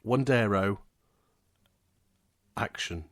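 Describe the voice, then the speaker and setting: A man's voice: medium pitch, normal speed. A man hosting a casual podcast, joking around and hyping up announcements like a showman. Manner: playful, hypes up announcements like a showman. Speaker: podcast host.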